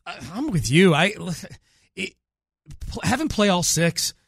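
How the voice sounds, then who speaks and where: Higher-voiced man reading sports stats. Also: big pitch swings, creaky, a bit bright, husky, no room sound, clean studio sound. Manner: reads stats slowly and deliberately, chatty. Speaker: sports radio host. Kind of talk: casual sports talk.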